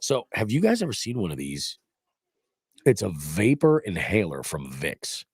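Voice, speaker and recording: A man's voice: on the low side, huge pitch swings, a little slow, breathy edge, no room sound, clean studio sound. A congested middle-aged man hosting a podcast, chatting casually in a rambling, profane, joking way. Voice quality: stuffy, nasal. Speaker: podcast host. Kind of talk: casual chat. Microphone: studio mic.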